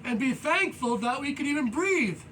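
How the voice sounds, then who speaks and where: A man talking casually and loudly while stretching at home, energetic and rambling, with many "you know"s as he moves around. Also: extremely high pitch, normal speed. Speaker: fitness vlogger. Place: indoors at home, low ceiling. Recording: voice far from the mic with faint noise.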